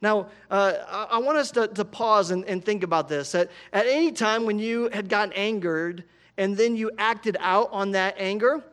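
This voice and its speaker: A pastor in his thirties delivers a sermon with a notably high-pitched voice. He talks casually and animatedly, telling personal stories and checking in with listeners by asking "right?". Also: normal speed, clear, resonant tone. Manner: conversational, animated storytelling with frequent "right?".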